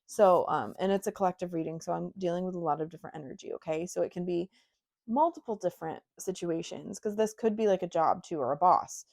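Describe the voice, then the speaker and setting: Low-voiced woman giving a chatty tarot reading. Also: fast talker, gravelly, darkish tone. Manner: chatty and frank, with many fillers and asides. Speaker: tarot reader. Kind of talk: casual intuitive tarot reading.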